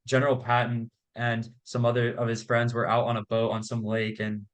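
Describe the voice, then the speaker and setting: A man's voice: medium pitch, monotone, normal speed. A young man, a student hosting an interview, talking in a casual, conversational way. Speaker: host, student.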